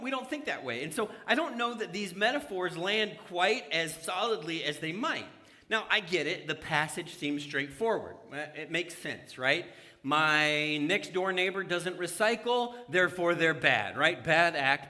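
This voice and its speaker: A man's voice: high-pitched, sharp tone. A man preaching a conversational sermon in a church, asking the congregation questions as he goes. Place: church sanctuary. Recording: church hall reverb.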